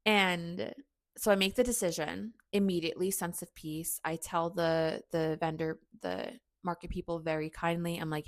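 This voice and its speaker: A woman's voice: on the low side, fairly even intonation, normal speed, dry recording, studio quality. A young woman hosting a podcast, telling a personal story in a candid, chatty way, full of "like" and self-mocking asides. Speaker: podcast host.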